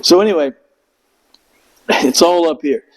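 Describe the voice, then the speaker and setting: A man's voice: a little high, slow pace, poor audio. A middle-aged man telling a rambling, profane story in casual chat, acting out quotes in raised voices. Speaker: Marine veteran guest.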